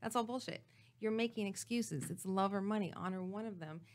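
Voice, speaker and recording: A woman's voice: medium pitch, a little fast. A woman talk-show guest speaking emphatically and preaching, repeating her key phrases. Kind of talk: casual talk-show chat.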